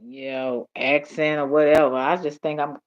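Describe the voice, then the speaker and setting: Late at night on her livestream, a sleepy Southern woman, originally from Tennessee, with a Dallas accent, chats casually and answers comments with a lazy drawl and frequent laughter. She speaks in a low, level voice at a moderate pace, over dull lo-fi stream audio.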